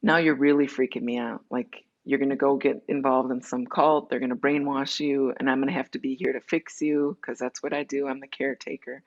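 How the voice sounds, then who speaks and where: A woman's voice: a bass voice, level tone, muffled recording. A woman being interviewed, telling her personal story candidly and acting out the dialogue as she goes. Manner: candid, tells her story in quick runs with acted-out dialogue. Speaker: interview guest.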